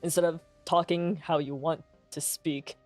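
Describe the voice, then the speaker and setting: A woman's voice: medium pitch, measured pace, no echo, soft background music. A young woman streamer chatting casually, coaching a friend on voice training and filling her speech with "like". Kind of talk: casual chat giving voice-training advice.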